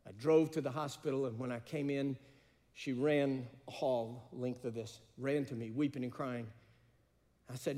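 A man's voice: medium pitch, warm tone, long reverb tail. A man preaching a sermon, telling stories and building to emphatic peaks. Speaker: pastor.

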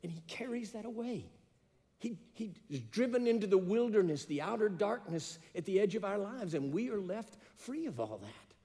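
A man's voice: high voice, very animated, moderate pace, warm tone, long reverb tail. A man preaching a sermon, telling stories and building to emphatic peaks. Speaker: pastor.

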